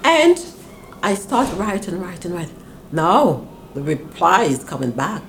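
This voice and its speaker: Slight background noise sits under this older Grenadian woman as she speaks a little slowly, recounting her past for an interviewer. Animated throughout, she imitates her mother and father with wide pitch swings.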